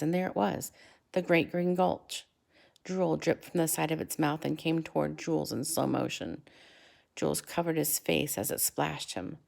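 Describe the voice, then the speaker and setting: Low, gravelly woman reading a story. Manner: measured, slows and drops to a hush for effect. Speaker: reader. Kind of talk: reading a children's novel aloud.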